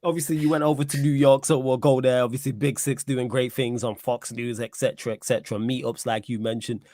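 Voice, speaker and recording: A man hosting a casual chat, asking quick questions and reacting to a guest. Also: medium pitch, little pitch movement, darkish tone, dry recording, clean studio sound. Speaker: podcast host.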